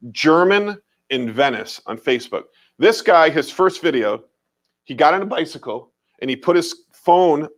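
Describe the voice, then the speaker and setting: A man with an American accent co-hosting a casual livestream, talking emphatically and repeating his points. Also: a little high. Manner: animated and emphatic, repeats phrases, mild swearing. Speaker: livestream co-host.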